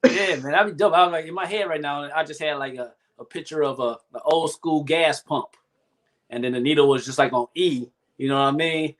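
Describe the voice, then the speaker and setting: A man's voice: on the high side, fairly quick. A man from Cleveland, a guest and event MC, chatting casually and animatedly. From Cleveland, USA. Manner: animated, keeps asking "you know what I mean". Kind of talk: casual chat.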